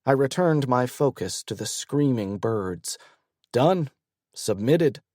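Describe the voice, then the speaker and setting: Slow, measured male audiobook narrator. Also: mid-range voice, lively intonation, darkish tone, dry recording, clean studio sound. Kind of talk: first-person audiobook narration.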